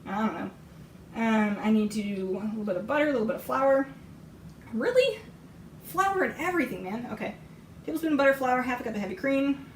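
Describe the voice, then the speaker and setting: This streamer, losing her hoarse voice, talks through her baking in an expressive, brisk, rambling way, laughing frequently but leaving long pauses. Her slightly high voice is caught from a distance by an iPad in a roomy home kitchen, with lo-fi audio, a little hiss or hum, and the clatter of pans and cutlery.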